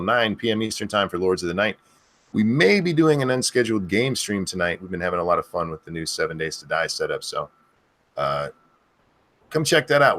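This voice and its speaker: A man's voice: sits low, a bit bright. A man hosting a casual online chat show, loose and rambling, thanking his audience and co-hosts. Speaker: podcast host.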